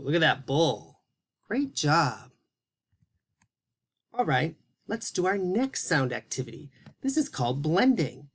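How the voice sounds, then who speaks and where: A male teacher giving a phonics lesson to young children, speaking slowly and encouragingly and spelling out each word with care. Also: mid-range voice, gravelly, fairly bright tone. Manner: slow, encouraging, carefully spelled-out words for young kids.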